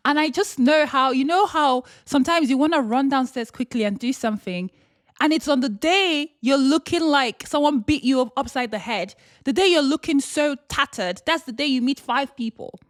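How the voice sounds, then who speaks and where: Animated young woman vlogger, dry close sound. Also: a little high, dry recording. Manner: animated, bursts into exaggerated excited voices and laughter. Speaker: lifestyle vlogger. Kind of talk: casual motivational monologue.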